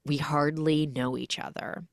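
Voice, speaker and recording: A woman voicing a calm, gentle young man who reassures someone, in a recap retelling. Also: sits low, unhurried, dry recording, studio quality. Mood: soothing.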